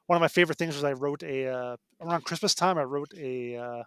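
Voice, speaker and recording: A man's voice: fairly high pitch, quick pace, fairly bright tone, smooth, no room sound. A middle-aged man, a game designer, telling stories as a podcast guest and often restarting and correcting himself mid-sentence. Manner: rambling, self-correcting storyteller. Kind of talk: casual podcast conversation.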